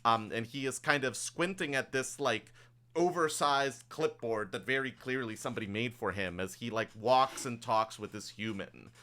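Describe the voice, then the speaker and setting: A man runs a tabletop game as game master, narrating the scene in an improvised, loose way with plenty of filler words. His voice is bright and sharp, at a middle pitch. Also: normal speed.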